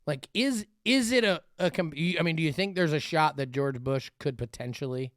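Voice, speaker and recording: A man hosting a podcast in casual chat, animated and rambling with many restarts. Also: on the high side, normal speed, dry recording, studio quality. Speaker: podcast host.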